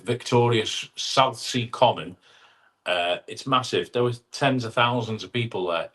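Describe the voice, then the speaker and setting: A man's voice: lowish voice, measured pace, a bit bright. A middle-aged man, hosting a casual live chat and greeting viewers by name as he reads their comments. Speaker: live stream host.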